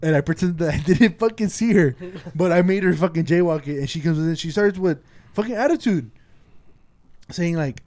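A man's voice: on the high side, fast. Profane, laid-back man telling a story. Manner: profane, animated storytelling, acts out quotes. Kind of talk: casual chat, storytelling.

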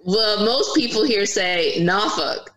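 A woman's voice: medium pitch, expressive, slow pace, fairly bright tone, slight background noise, poor audio. A woman with a Virginia accent, a guest in a casual chat who laughs easily and explains patiently.

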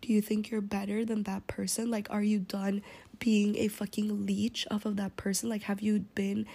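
A woman's voice: medium pitch, level tone, moderate pace, creaky, warm tone, husky. A young woman telling a story in a casual, rambling way, often slipping into an unvoiced whisper, swearing and using lots of fillers.

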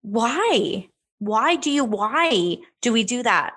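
A woman's voice: on the high side, very animated, takes it slowly, a bit bright, breathy edge. Emphatic woman asking rhetorical questions. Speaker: podcast co-host. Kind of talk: faith podcast conversation.

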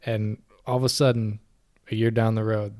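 A man's voice: fairly low pitch, flat delivery, normal speed, a little mellow. Earnest reflective man in casual chat. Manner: earnest, reflective, many restarts. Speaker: podcast co-host. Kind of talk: casual conversation.

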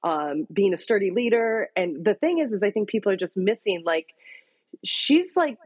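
A woman's voice: mid-range voice, animated, normal speed, husky, no room sound. A woman who is a parent, a guest on a podcast, talking frankly and with animation and swearing casually. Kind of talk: candid conversation.

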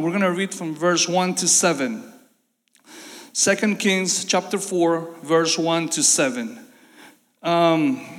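A male pastor with a fairly high voice delivers a live-streamed sermon, earnest and repetitive. He stacks phrases to build emphasis. The sound carries a long reverb, like a large hall. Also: a bit bright.

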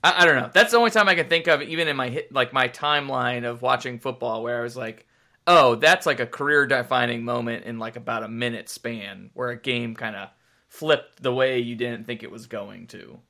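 A man's voice: mid-range voice, fairly quick, bright, forceful tone. A man co-hosting a sports podcast, talking casually and rambling off topic with the odd swear. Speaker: podcast co-host.

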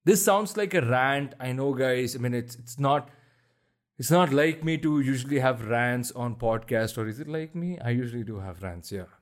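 A man with a deep voice hosting a solo podcast, ranting bluntly and swearing heavily for emphasis. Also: animated, moderate pace. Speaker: podcast host. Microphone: podcast mic.

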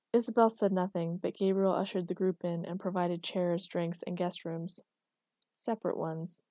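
A woman reads a novel aloud in a measured, even way. Her voice is warm and mellow, and the recording is close and dry with no room sound. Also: fairly low pitch, dry recording. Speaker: audiobook narrator. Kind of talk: scripted narration.

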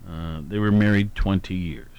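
A man's voice: sits low, steady tone, normal speed, clean tone, highs cut off. A man hosting a radio show who reads the day's anniversaries and birthdays in a meandering way, humming filler syllables and correcting himself aloud. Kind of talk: casual on-air chat, reading daily almanac.

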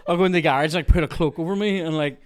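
A man hosting a podcast, telling a work story in a casual, animated way, swearing freely and laughing often. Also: fairly high pitch, very fast. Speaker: podcast host.

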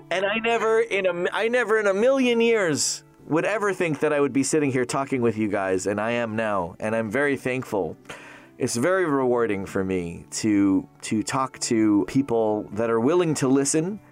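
A man in his thirties who works as a voice actor, chatting casually in an interview, animated and jokey, laughing often. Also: medium pitch, moderate pace, faint music behind.

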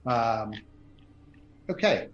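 A man's voice: medium pitch, animated, muffled recording. A man running a tabletop game as game master, describing the action with frequent ums and restarts. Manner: halting, many ums and restarts. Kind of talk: narrating a tabletop horror game.

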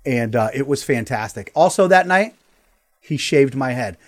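A man's voice: medium pitch, animated, moderate pace. A man hosting a casual talk show, telling a long, profane story and laughing as he goes. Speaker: podcast host.

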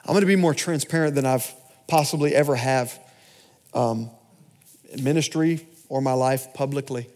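A man preaches in a church, telling his own story. His delivery swings from loud, driving phrases to hushed, almost whispered asides. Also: medium pitch, moderate pace. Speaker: pastor. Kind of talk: sermon testimony.

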